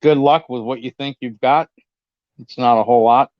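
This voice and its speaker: Steady in tone and moderate in pace, this medium-pitched Californian man is a guest on a laid-back livestream. He comes across defensive and defiant, talking plainly and occasionally swearing, over dry, dull, lo-fi audio with no echo.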